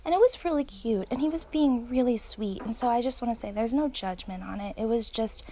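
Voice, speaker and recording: Earnest mom talking with a gravelly edge. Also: female voice, on the high side, a little fast, dark tone, a little hiss or hum. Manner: earnest, thoughtful, with many fillers and restarts. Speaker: parent sharing reflections. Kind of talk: casual spoken reflection. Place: outdoors.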